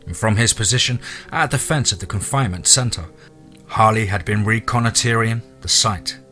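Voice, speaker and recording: Man, low voice, forceful, dramatic horror audiobook narration, faint music behind. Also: normal speed. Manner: dramatic, steady storytelling.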